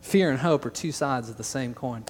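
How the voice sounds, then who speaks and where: Recorded with long reverb in a big church hall, a young pastor speaks at medium pitch and a moderate pace. His sermon is earnest and emphatic, broken up by jokes aimed at the congregation.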